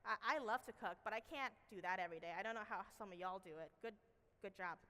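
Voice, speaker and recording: A woman in her thirties giving a casual, animated talk at a conference, playful and slangy. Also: mid-range voice, fast talker, in a large hall. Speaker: conference speaker. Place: large conference hall.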